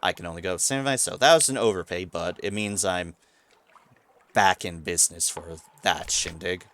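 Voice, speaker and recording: A man's voice: sits low, creaky, pushed and bright, slight background noise. A man streaming a video game, musing aloud about his choices and reading the game's text to himself in a casual way. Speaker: let's play streamer.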